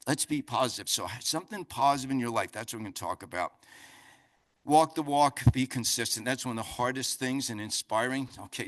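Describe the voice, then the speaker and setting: An older man with a New Jersey accent giving a motivational speech, a loud and talkative storyteller. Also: mid-range voice. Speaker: keynote speaker. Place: conference center.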